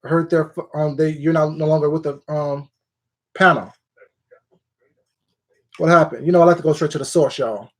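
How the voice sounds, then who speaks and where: A man's voice: a little high, steady tone, moderate pace, pauses often. Chatty man greeting livestream viewers. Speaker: livestream host. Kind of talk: casual livestream chat.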